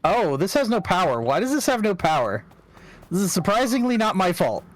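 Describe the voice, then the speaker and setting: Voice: mid-range voice, sing-song, fairly quick, noisy background. A fellow player chatting casually during a game stream, hesitant and full of fillers. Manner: hesitant, many fillers, trailing off. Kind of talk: casual chat while playing a game.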